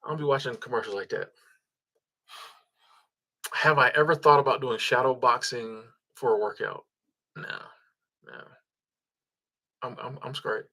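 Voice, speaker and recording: Hosting a relaxed livestream, this man speaks in a mid-range voice with a pushed, bright quality, keeping a measured pace and pausing often. He chuckles his way through viewer comments and thanks to supporters, with plenty of ums and false starts.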